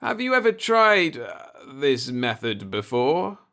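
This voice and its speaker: A man's voice: mid-range voice, very animated, slow pace, gravelly, sharp tone, voice pushed up, full character voice. A man voicing an older, timid homeowner who speaks in a hesitant, mild and apologetic way. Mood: worried.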